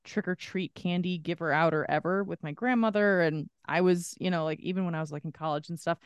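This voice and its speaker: A woman's voice: lowish voice, brisk, smooth, no room sound. A woman co-hosting a podcast, telling stories animatedly with lots of "like" and acted-out quotes. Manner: animated storyteller, heavy use of "like", acts out quotes. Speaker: podcast co-host. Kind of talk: casual chat.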